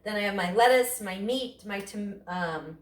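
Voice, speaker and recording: A woman's voice: medium pitch, a little slow. Chatty woman in an echoey kitchen. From Italian family background. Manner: chatty, enthusiastic, asks and answers her own questions. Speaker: cooking show host. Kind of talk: casual cooking demonstration. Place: home kitchen. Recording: echoey kitchen with faint noise.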